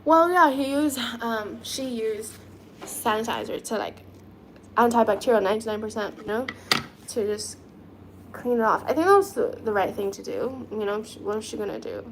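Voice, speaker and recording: High-voiced woman chatting on a livestream. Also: animated, normal speed, background noise. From China. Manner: reads viewer comments aloud and answers them chattily. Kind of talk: casual livestream chat.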